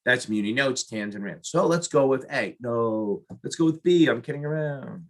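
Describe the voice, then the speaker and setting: A man's voice: mid-range voice, expressive, normal speed. A middle-aged man tutoring for an exam, talking through practice questions aloud in a jokey, self-mocking way. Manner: jokey, self-mocking, talks to himself while solving.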